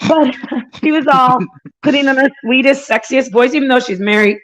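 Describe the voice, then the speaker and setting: A woman with a fairly high voice rants casually and indignantly to her stream. She tells her story in a run of quick asides and now and then mocks other people with sugary impressions. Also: crowd noise, low-quality recording. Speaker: channel host. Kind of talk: casual livestream rant.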